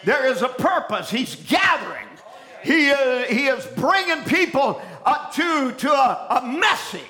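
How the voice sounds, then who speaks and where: A man preaching a fiery sermon, shouting his points, calling out to the congregation and often repeating and restarting phrases. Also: very high-pitched, very animated, a little slow. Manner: preaching with shouted exclamations and call-and-response.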